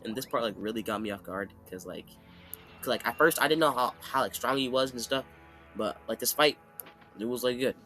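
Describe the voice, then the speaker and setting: A man's voice: medium pitch, a little fast, sharp tone, faint music behind. A man casually recapping an anime fight in a rambling, slangy way, often checking in with "okay?". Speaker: anime commentator.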